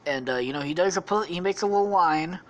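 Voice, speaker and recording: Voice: medium pitch, fast talker, lo-fi sound, slight background noise. A podcast host rambling through a crude comic story, swearing constantly and laughing at their own jokes. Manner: heavy swearing, many fillers.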